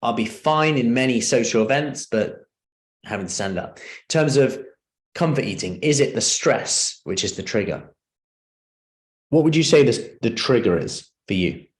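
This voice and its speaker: A man leading a live seminar as a personal trainer, talking conversationally and often asking the audience questions. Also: mid-range voice.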